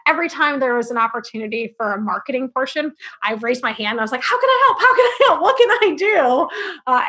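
A woman in her thirties, a marketing firm founder, telling her career story in an upbeat, lively way as a podcast interview guest. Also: sits high. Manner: upbeat storytelling, quick asides and laughs. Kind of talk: interview answers.

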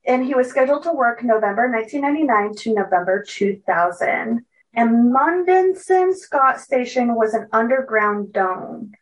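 A young woman, somewhat high-voiced, tells a story from her notes for a podcast. She talks casually with plenty of likes and ums and now and then a giggle. She sounds a little distant from the microphone. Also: animated, normal speed. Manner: chatty, many "like" and "um" fillers, giggly. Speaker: podcast co-host telling a case.

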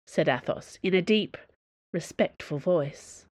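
A woman reads an audiobook in a measured, expressive manner. Her voice sits a little low and the recording is close and dry. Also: dry recording. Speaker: narrator. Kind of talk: audiobook narration.

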